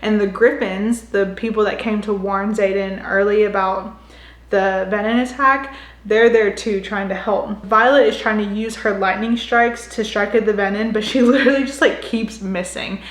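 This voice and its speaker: A woman's voice: mid-range voice, steady tone, normal speed. Chatty young woman with a roomy echo. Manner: chatty, constant "like" fillers. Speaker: book recap host. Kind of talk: casual book recap. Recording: echoey room.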